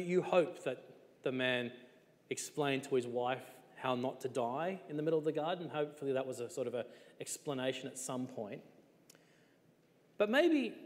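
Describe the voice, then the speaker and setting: A man preaching a sermon in a relaxed, conversational way, with many rhetorical questions. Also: a little high, long reverb tail.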